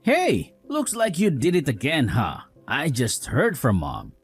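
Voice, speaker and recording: A woman's voice: deep voice, wildly swooping pitch, a little slow, slightly rough, faint music behind, full character voice. A woman voicing a young, hot-tempered husband loyal to his mother, talking in an accusing, scolding way. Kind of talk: dramatized story dialogue.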